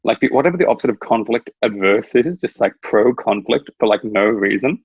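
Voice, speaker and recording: A man's voice: fairly low pitch, lively intonation, a little fast, husky, dry recording, highs cut off. A man chatting casually as a guest over a video call, rambling through stories and laughing at his own anecdotes. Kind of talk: casual chat.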